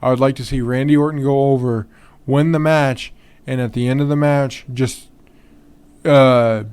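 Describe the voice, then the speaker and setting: A man's voice: mid-range voice, fairly even intonation, normal speed, a little mellow, smooth. A man hosting a podcast on his own in a casual, rambling way, full of ums and restarts, yawning and tired. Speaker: podcast host. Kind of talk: casual solo podcast talk.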